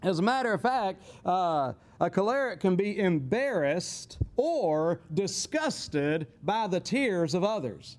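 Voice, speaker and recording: A man's voice: high voice, big pitch swings, takes it slowly, hardly any pauses. A man giving a casual, folksy teaching talk, rambling with chuckling asides. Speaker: teacher on temperaments.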